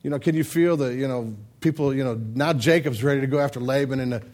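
A man preaching a humorous sermon, joking and talking in an animated, conversational way. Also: medium pitch, fast talker.

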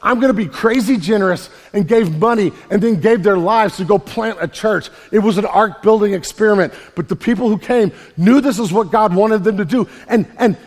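A pastor preaching an emphatic sermon in a church, often repeating words and swinging from loud to quiet. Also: male voice, sits high, moderate pace, few pauses. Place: church sanctuary. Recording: long hall reverb.

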